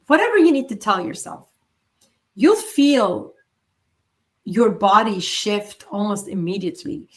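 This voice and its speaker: Woman coaching with emphatic pauses. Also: mid-range voice, sing-song. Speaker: podcast host. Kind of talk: solo motivational talk.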